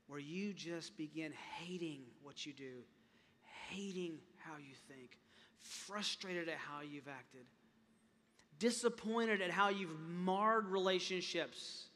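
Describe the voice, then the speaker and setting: A man preaching a sermon as a pastor, impassioned, often repeating words and rising to loud emphatic peaks. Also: a little high, a little hiss or hum. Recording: long reverb of a large hall.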